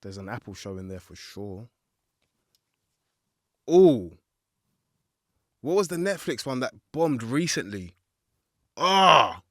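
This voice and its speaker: A man's voice: on the low side, dry recording, clean studio sound. Man thinking aloud, full of ums. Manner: thinks aloud, lots of ums, self-mocking. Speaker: podcast guest. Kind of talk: casual podcast chat.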